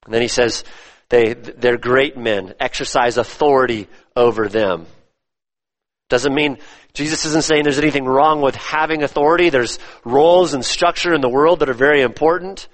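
A man preaching a sermon, emphatic, repeating his phrases and swinging between loud stresses and hushed drops. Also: medium pitch, moderate pace. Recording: long reverb of a church hall.

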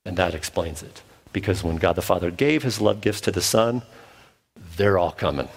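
A man's voice: deep voice, a little fast, vocal fry, husky. A man, a pastor, preaching an earnest sermon and now and then acting out the voices of the people he quotes.

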